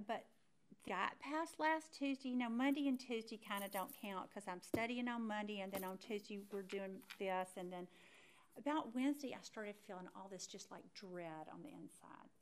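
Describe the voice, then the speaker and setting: A middle-aged woman leads a Bible study, weaving a personal story into her teaching. Her voice sits a little high, and she tells the story in an animated way, acting out her own thoughts. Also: moderate pace.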